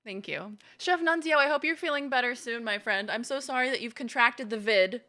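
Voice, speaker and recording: Woman streamer, chatty and playful, bright forward voice, slightly higher pitch, greets chat by name. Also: a little fast. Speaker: gaming streamer. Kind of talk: casual live-stream chat.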